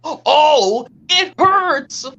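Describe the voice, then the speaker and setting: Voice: high voice, lively intonation, very slow, pushed and bright, highs cut off, voice pushed up, heavily acted. A speaker doing an impression of a whiny little cartoon kid, yelping and complaining. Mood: hurt, whiny.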